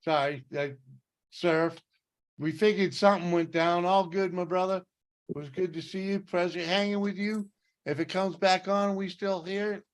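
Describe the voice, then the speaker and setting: A man hosting a casual livestream, relaxed and greeting his viewers by name. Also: sits high, normal speed. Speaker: livestream host.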